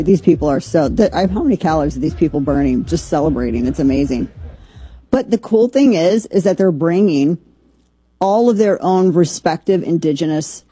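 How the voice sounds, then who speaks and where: A woman's voice: on the low side, mellow, slightly rough, no room sound. A woman hosting a podcast in a rambling, casual commentary with sarcastic asides. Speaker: podcast host.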